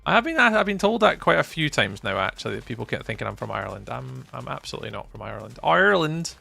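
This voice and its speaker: A man's voice: medium pitch, expressive, rapid-fire, vocal fry, pushed and bright, faint music behind. A man with a mild Scottish accent, a game streamer chatting casually and replying to his viewers' chat messages. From Scotland.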